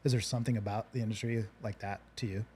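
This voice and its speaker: A man hosting a relaxed interview, earnest and reflective, often restarting his sentences. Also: on the low side, fast talker, a little hiss or hum. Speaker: podcast host. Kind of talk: casual interview chat.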